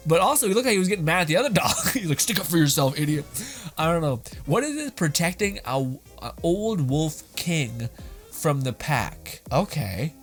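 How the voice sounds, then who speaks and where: A young man chatting over clips in a casual reaction commentary, his pitch bouncing all over the place and sitting a touch high for a man. He rambles, laughs a lot and swears freely. Faint music plays underneath. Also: big pitch swings, normal speed. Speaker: host reacting to videos.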